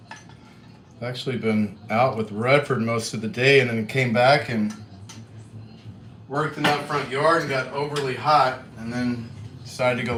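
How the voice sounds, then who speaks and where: Soft-spoken man with a light Kentucky accent. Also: medium pitch, slight background noise. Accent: light Western Kentucky. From Western Kentucky. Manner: chatty, reads out viewer comments, soft-spoken. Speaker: livestream host. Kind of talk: casual livestream chat while cooking.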